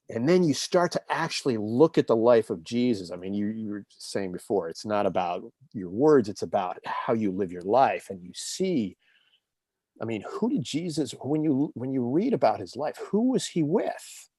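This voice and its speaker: A man's voice: medium pitch, expressive, moderate pace, warm tone, no echo, studio quality. A man in his fifties, an interview guest telling personal stories in an earnest, reflective, conversational way. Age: 50s. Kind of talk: casual conversational storytelling.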